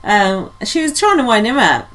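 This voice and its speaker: A woman co-hosting a podcast in casual chat, blunt and sweary with quick rants. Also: medium pitch, very animated, a bit bright. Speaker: podcast co-host.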